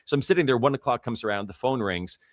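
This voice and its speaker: A man talking as a podcast guest, telling a story in an animated way and acting out the quotes. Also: mid-range voice, fast, no echo. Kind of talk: casual storytelling.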